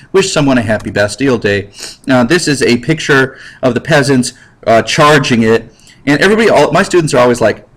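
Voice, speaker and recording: A man teaching history over slides in a jokey, animated way, talking straight to his students. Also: medium pitch.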